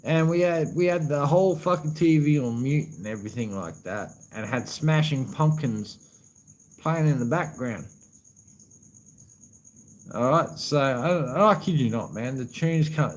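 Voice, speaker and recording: A man's voice: fairly high pitch, expressive, a little slow, rough recording. An Australian man chatting casually on a live stream, rambling, swearing heavily and calling viewers man and brother.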